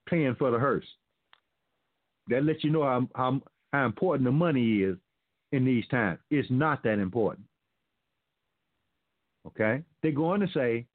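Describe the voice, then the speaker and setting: A man hosting a talk show, reading news out and breaking in with preachy, sarcastic remarks to his listeners. His voice sits a little high and comes through dry and phone-thin. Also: no echo, narrow, tinny audio. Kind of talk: opinionated commentary reading news aloud.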